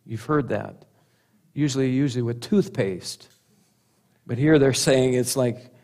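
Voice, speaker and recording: A man preaching a sermon, animated, asking rhetorical questions and chuckling at his own points. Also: medium pitch, measured pace, creaky, pauses often. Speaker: pastor.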